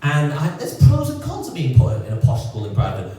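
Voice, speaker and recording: A man from England doing a stand-up comedy set, sardonic and lively, putting on voices for the people he quotes. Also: on the high side, fairly quick. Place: comedy club stage. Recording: roomy echoing club sound from a distance.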